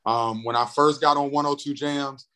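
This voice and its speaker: Animated storytelling man from North Carolina. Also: fairly high pitch, normal speed, clean tone. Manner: animated, acts out quoted voices, repeats words. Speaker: guest, radio and TV personality. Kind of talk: excited storytelling in a podcast chat.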